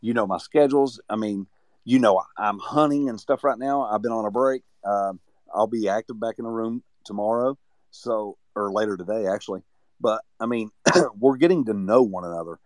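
Man with a lowish voice for a pep talk, rallying and earnest, dry close recording. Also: moderate pace, a little mellow, no echo. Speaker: community member. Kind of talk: motivational speech.

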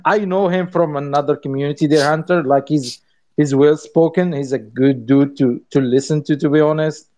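A man's voice: a little high, steady tone, moderate pace, warm tone. A man talking loosely in casual chat, praising others in the community. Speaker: community member. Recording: dull, muffled line.

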